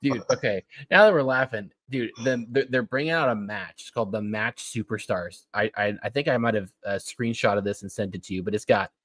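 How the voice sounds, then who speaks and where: A young man co-hosting a casual golf podcast, telling stories with lots of "like" and "you know" and jumping into high, excited quoted voices. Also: brisk, few pauses, no room sound. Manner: animated storytelling, jumps high when acting out quotes. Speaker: podcast co-host. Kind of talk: casual chat.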